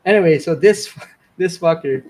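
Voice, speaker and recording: A man's voice: on the high side, moderate pace, darkish tone. A man telling a rambling story in casual talk, full of fillers and swearing. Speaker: fishing channel host.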